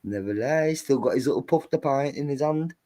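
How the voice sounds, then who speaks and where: A man's voice: medium pitch, a little fast, dark tone. A man on a call-in stream, mocking and needling the other caller with sarcasm during a heated casual argument.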